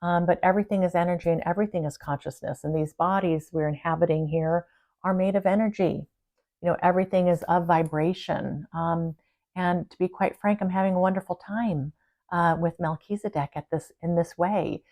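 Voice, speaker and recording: A woman channeler talks straight to her viewers in a casual, personal monologue. Her voice sits a little low, and she speaks in an earnest, rambling, confiding way. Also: steady tone, brisk, a little mellow. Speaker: spiritual channeler.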